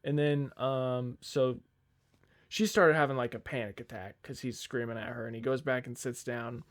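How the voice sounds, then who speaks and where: A man's voice: medium pitch, steady tone, moderate pace. A young man on a podcast telling a long, rambling work story in casual chat, swearing freely and quoting the people in it. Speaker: podcast co-host.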